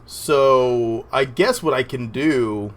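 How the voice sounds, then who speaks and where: A man's voice: mid-range voice, takes it slowly. A man from the Southern US chatting casually while playing a game on stream, laughing often and muttering at what happens on screen. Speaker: gaming streamer. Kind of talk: casual gameplay chat.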